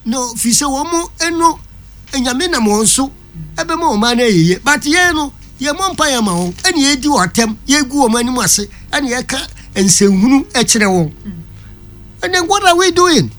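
This talk-show guest, Ghanaian-accented with a high, sing-song and fairly bright voice, talks a little slowly while pressing a preachy Christian stance with emphasis. Her opinions shift between Twi and English.

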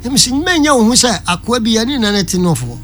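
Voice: medium pitch, very animated, brisk, soft background music. A talk-show guest with a Ghanaian accent, giving an emphatic, preachy Christian view. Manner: emphatic and preachy, switching between Twi and English. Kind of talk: opinionated talk-show commentary.

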